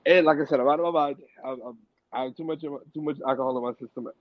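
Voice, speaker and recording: A man's voice: mid-range voice, fast talker, no echo. Male podcast host telling a loose slangy story, tinny dry recording. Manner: rambling, loose slang, many restarts and fillers. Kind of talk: casual storytelling. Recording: dry tinny phone-like audio.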